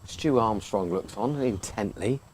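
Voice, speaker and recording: A man's voice: fairly low pitch, a little slow, a little mellow, a little hiss or hum. A man giving casual, joking live commentary on a local cricket match from the ground. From England. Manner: chatty, joking, wry asides.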